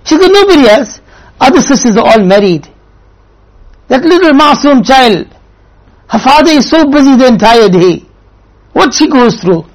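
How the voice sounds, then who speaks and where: A woman's voice: sits high, big pitch swings, moderate pace, long pauses, poor audio. A woman giving an earnest religious sermon, telling a story with Arabic and Urdu religious terms, her voice at times close to tears. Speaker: religious speaker.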